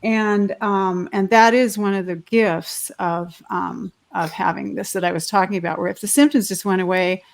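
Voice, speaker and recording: Woman panelist, rambling and heartfelt, mid-pitched, video-call sound. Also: fairly even intonation, moderate pace, gravelly, few pauses. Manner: rambling and heartfelt, with frequent restarts. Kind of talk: candid personal sharing.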